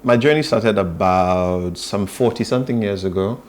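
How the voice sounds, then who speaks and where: A middle-aged man from Nigeria, a voice-over artist, speaking in a measured, thoughtful way with pauses in a morning TV interview. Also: fairly low pitch, a little mellow.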